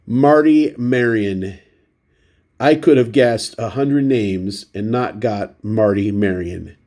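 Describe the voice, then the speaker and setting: Slow and warm, with a fairly low pitch, a congested man with a runny nose chats loosely over a stack of baseball cards. As a card vlogger, he wanders from thought to thought, mocks himself, and shows off each card individually.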